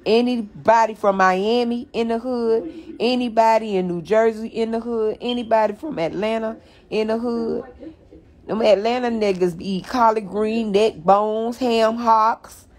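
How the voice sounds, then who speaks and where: A woman's voice: fairly high pitch, fairly even intonation, a little slow, darkish tone. A woman hosting a live stream, ranting to her viewers in a blunt, mocking and profane way, calling them y'all, speaking into a phone.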